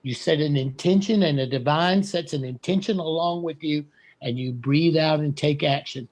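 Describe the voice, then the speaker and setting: A man giving a slow, earnest and blunt spiritual talk. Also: on the high side, darkish tone. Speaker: guest speaker.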